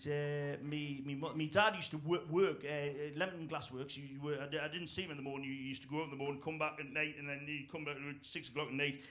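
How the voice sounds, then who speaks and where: Male comedian, middle-aged, sharp bright tone, rambling sweary anecdotes. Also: a little high. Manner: rambling, sweary, laughing at his own lines. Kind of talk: comic storytelling.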